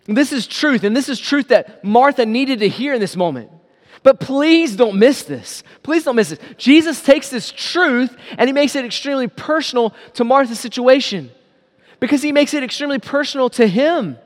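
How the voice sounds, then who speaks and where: Male pastor, high voice, emphatic sermon delivery, reverberant hall sound. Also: lively intonation, normal speed. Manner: earnest, emphatic preaching with repeated phrases.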